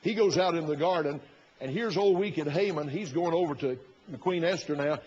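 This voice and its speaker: A man's voice: fairly high pitch, moderate pace, a little mellow, breathy edge. Folksy preacher man, lo-fi sermon. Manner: folksy, retells the story with quoted inner thoughts. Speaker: pastor.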